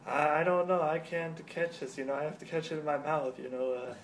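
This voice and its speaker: A man's voice: fairly high pitch, fairly even intonation, a little fast, a little hiss or hum, voice pushed up, lightly acted. A man voicing a reluctant male goat from a comedy skit, whiny and hesitant.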